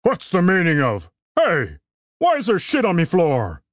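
A man voicing a large, bald, rough-spoken male innkeeper with a booming, coarse manner. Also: wildly swooping pitch, unhurried, no room sound, studio quality, full character voice. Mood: indignant. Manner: booming, coarse dialect grammar.

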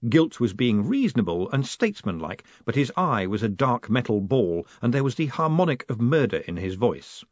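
A man narrating an audiobook in a dry, wry and measured way. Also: mid-range voice, sing-song, dry recording. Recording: dull, dry studio read.

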